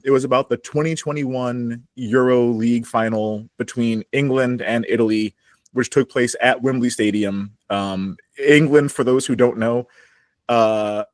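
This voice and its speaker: A man's voice: mid-range voice, no echo. Chatty man from Chicago, dry close sound. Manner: chatty, laughs often, wry. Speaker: podcast co-host. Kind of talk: casual chat.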